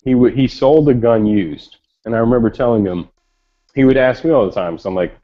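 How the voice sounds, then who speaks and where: A man telling a story in a casual chat, animated and swearing freely. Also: medium pitch, a little fast. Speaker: chat participant. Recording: lo-fi online voice chat.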